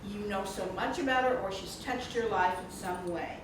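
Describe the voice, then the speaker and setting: A woman's voice: mid-range voice, moderate pace. A woman of older age giving a chatty, laughing introduction at a book reception. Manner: warm, chatty, laughs often. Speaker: speaker introducing the author. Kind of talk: casual spoken introduction at a book event. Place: indoor reception room. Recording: echoey room, mic far off, noisy.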